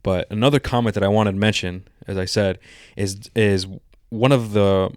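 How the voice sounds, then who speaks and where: A man's voice: fairly low pitch, moderate pace, no room sound, clean studio sound. A man co-hosting a podcast, telling stories in casual, profane chat. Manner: profane, animated storytelling. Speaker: podcast co-host.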